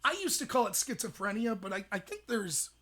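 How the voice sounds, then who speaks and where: A young adult man hosting a livestream, ranting in rapid, emphatic commentary. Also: sits high, sing-song, fairly bright tone. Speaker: host.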